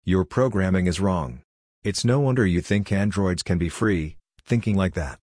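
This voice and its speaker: A man voicing a hostile, scornful old male senator who talks bluntly in a dry, husky voice. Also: sits low, normal speed, a little mellow, no room sound. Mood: snapping. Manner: blunt, dismissive.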